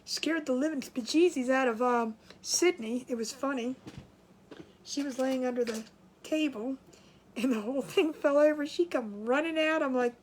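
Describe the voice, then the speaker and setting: A woman's voice: high-pitched, normal speed, slight background noise. A woman from Maryland hosting a casual craft livestream, out of breath and chatting while greeting viewers by name. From Maryland, USA.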